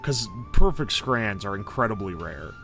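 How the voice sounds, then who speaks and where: A man streaming a game live, reading out ingredient lists and swearing in loud disbelief, then making himself talk calmly. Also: fairly low pitch, moderate pace, vocal fry, over music. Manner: excitable and profane, swearing and yelling in disbelief. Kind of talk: live-stream gaming commentary.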